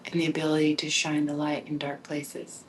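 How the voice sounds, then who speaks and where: A woman hosting her own podcast, talking in a reflective solo monologue, musing and sometimes dropping into a soft whisper, with frequent restarts when she gets excited. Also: low voice, moderate pace, slight background noise, low-quality recording. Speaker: podcast host and author.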